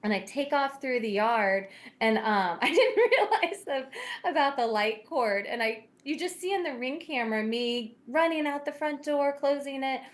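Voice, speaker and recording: A woman's voice: high-pitched, lively intonation, normal speed. A woman guest on a podcast, telling a story while laughing through it. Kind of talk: casual storytelling.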